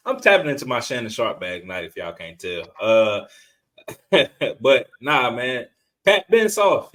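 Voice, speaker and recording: A man's voice: on the low side, fairly bright tone. A man co-hosting a sports podcast, talking casual, profane, slangy trash talk. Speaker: podcast co-host.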